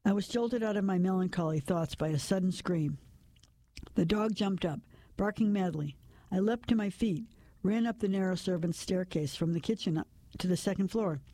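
Mellow woman reading a story aloud. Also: mid-range voice, normal speed, no echo. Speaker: narrator. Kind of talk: first-person storybook narration.

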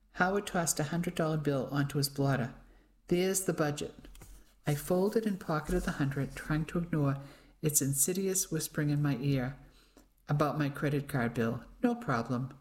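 A radio reading-service reader narrating a first-person novel in a dry, even storytelling manner. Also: mid-range voice. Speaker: audiobook reader.

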